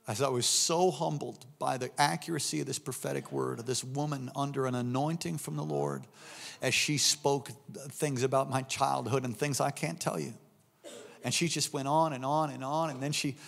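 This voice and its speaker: A middle-aged man preaching a sermon, telling a story and acting out the voices in it, building up to shouts. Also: mid-range voice, vocal fry. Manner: animated, acts out voices in anecdotes, rising to shouts. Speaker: pastor.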